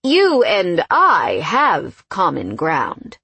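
A woman voicing a cocky, condescending male coworker who teases and smirks, in a storybook read with a husky voice. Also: high-pitched, huge pitch swings, very slow, bright, forceful tone, no echo, full character voice. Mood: frank, flirty. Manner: teasing, know-it-all.

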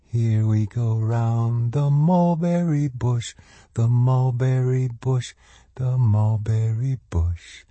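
A man's voice: sits high, very slow, gravelly, a little mellow, breathy edge, dry recording, pitched above the performer's own voice, heavily acted. A man voicing an evil shapeshifting male demon that sings in a merry sing-song like a little boy.

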